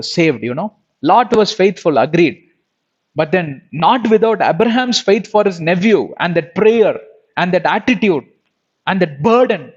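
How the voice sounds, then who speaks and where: A man's voice: high-pitched, husky, dull audio. A man preaching a sermon lesson in a conversational way, with joking asides to his listeners.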